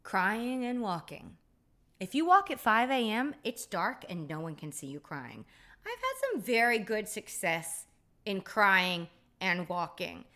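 A woman's voice: mid-range voice, huge pitch swings, measured pace, bright, forceful tone. A woman hosting a podcast, telling wry, profane stories in a blunt, casual monologue. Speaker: podcast host.

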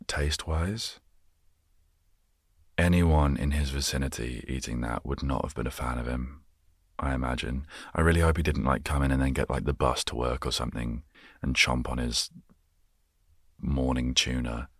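Very deep-voiced, unhurried English man. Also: no room sound, studio quality. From England. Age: 20s. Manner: rambling, musing, easily amused. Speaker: podcast host. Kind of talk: casual solo podcast chat.

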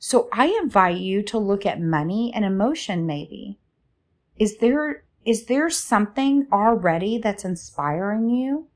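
A woman speaking as a spiritual coach in a slow, soothing, inviting way, asking many reflective questions. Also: medium pitch. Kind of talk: reflective guided talk.

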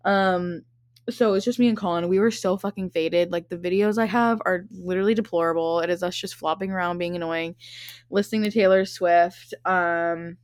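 A woman's voice: on the low side, fairly even intonation, moderate pace, smooth, dry recording. A young woman in her twenties hosting a podcast, telling a rambling, profane story in casual chat and laughing often. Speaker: podcast host.

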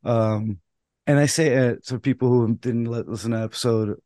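A man co-hosting a casual podcast tells umpiring stories with energy, acting out both sides of every quarrel and swearing now and then without thinking. His mid-range voice moves at a moderate pace, and the recording is dry and close with no room sound.

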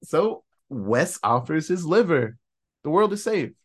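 Speaking slowly in a voice on the high side, this man runs a podcast where he casually retells a horror movie. He's an animated storyteller who performs the characters' quoted lines.

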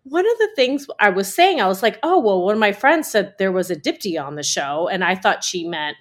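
A woman in her forties co-hosting a podcast, telling stories in a casual chat, animated and laughing at herself. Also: mid-range voice, brisk. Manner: animated, laughing, self-mocking storyteller. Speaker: podcast co-host.

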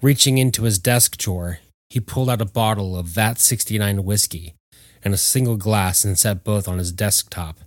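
Guy reading a story, steady and measured, deeper voice. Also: no room sound, clean studio sound. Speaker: narrator. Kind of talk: audiobook story narration.

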